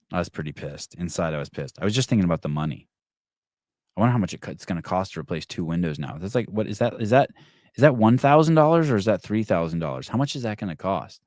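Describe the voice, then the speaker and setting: A middle-aged man hosting a podcast, telling a story in casual, profane, animated talk. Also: sits low, no room sound, clean studio sound. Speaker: podcast host. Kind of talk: casual storytelling and reading comments.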